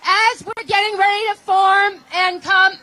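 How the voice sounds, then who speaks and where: Woman rally emcee, very high voice, bright, strained and losing her voice, upbeat. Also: level tone, measured pace, poor audio. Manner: upbeat, hypes up speakers. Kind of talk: rally introductions.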